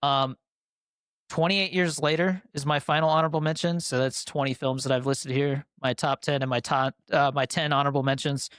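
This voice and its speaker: A man's voice: on the high side, fairly even intonation, a little fast, a bit bright, clear, resonant tone, no echo, clean studio sound. A young adult man co-hosting a podcast, talking casually and enthusiastically about his favorite films with lots of fillers. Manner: rambling, filler-heavy, enthusiastic. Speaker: podcast co-host. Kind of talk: casual film review chat.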